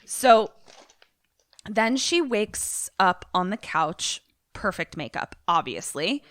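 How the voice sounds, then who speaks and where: A woman podcast co-host in casual chat, retelling a film in a profane, animated way. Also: medium pitch, slow pace, dry recording, studio quality.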